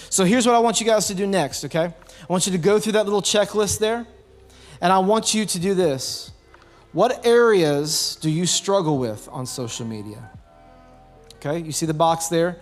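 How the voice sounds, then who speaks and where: A man with a Southern US accent, a youth pastor giving a sermon and firing questions at the audience to get responses. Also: a little high. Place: church youth hall. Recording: long hall reverb, faint music behind.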